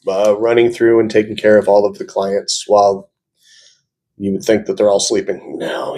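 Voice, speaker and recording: A man with a fairly low voice reacting to a music video. He talks casually, fills his pauses with fillers, and states his opinions plainly. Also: darkish tone. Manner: opinionated, chatty, with frequent fillers.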